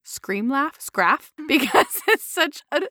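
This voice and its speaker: Young woman chatting, laughs along, bright voice, fairly high. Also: very animated, slow, dry recording, studio quality. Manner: laughing reactions, sympathetic. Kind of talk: casual chat.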